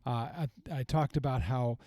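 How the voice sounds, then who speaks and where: A middle-aged male pastor and podcast host teaches conversationally on faith, earnest and reflective, often restarting his thought and retelling quotes. His mid-range voice is warm and mellow, with fairly even intonation and a moderate pace, recorded close and dry with no echo.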